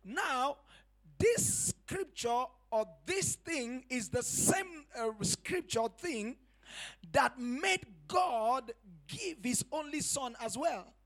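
A man preaches with a high, bright, forceful voice, his words rising into shouts at the peaks of each point. He hammers ideas home through repetition and rhetorical questions. The delivery is that of a pastor in full sermon. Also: animated, very slow. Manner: emphatic preaching, rising to shouts on key phrases.

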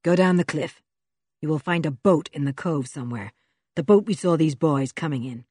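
A woman's voice: sits low, animated, unhurried, a little mellow, slightly rough, no room sound, studio quality, pitched below the performer's own voice, heavily acted. A woman voicing a cruel, mad, red-bearded male villain who snarls orders in an audiobook. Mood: commanding. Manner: snarling, commanding.

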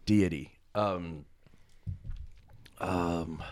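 A man in a casual group chat, stalling with long drawn-out fillers and tossing in blunt, crude jokes. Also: deep voice, fairly even intonation, darkish tone. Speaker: podcast co-host.

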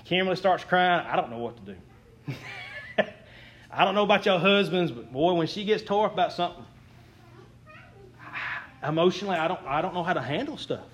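A man's voice: high voice, expressive, brisk, pauses often, a bit bright. A young man preaching a sermon as a pastor, folksy, earnest and self-deprecating.

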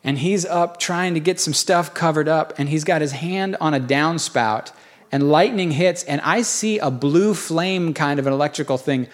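A man's voice: fairly high pitch, normal speed. Folksy storytelling pastor, a man. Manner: folksy storytelling, animated bursts when quoting others. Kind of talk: sermon.

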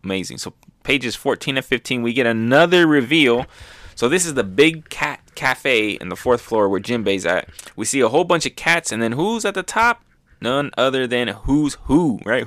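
A man hosting a casual manga recap, talking excitedly with lots of fillers and little bursts of hype. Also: mid-range voice, normal speed, no echo. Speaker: manga review host.

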